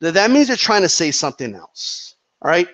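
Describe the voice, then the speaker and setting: A man's voice: high voice, sing-song, brisk, a bit bright. A man hosting his own commentary channel, giving a heated opinion monologue and checking in with "right?" and "okay?" as he goes. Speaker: boxing commentary channel host.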